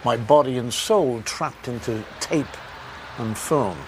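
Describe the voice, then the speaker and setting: A man's voice: mid-range voice, slow pace, a little hiss or hum. A man talking to camera in a wry, self-mocking way. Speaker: comedian. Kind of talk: reflective talk to camera.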